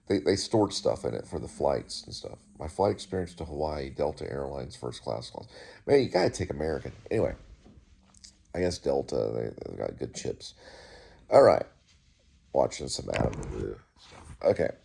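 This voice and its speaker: A man's voice: extremely low pitch, creaky, dark tone, husky. A middle-aged man hosting his own show, rambling through a casual monologue with many restarts and asides. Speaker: host.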